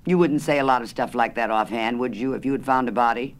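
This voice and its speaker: A man's voice: medium pitch, quick pace, close to an everyday voice. A man reading a story aloud and voicing a chatty, opinionated American woman who loves mystery novels, insistent and eager. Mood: confident. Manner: insistent, eager, know-it-all.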